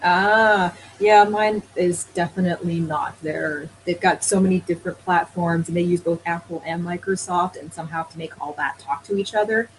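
A woman's voice: fairly low pitch, steady tone, moderate pace, hardly any pauses, slight background noise, rough recording. A woman co-hosting a casual podcast, teasing her co-host and laughing easily. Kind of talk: casual chat.

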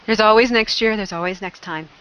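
A woman's voice: mid-range voice, brisk, fairly bright tone, no echo. A woman co-hosting a podcast in casual chat, joking and self-deprecating. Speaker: podcast co-host. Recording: dull lo-fi dry podcast audio.

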